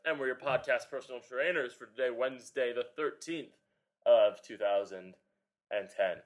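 A man's voice: mid-range voice, normal speed. Rambling male fitness podcast co-host. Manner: rambling, filler-heavy explaining. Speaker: podcast co-host, personal trainer. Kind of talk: casual chat.

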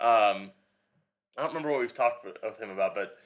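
A man's voice: on the low side, a little fast, narrow, tinny audio. A young man co-hosting a fitness podcast in casual chat, rambling with lots of fillers as he explains. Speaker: podcast co-host, personal trainer.

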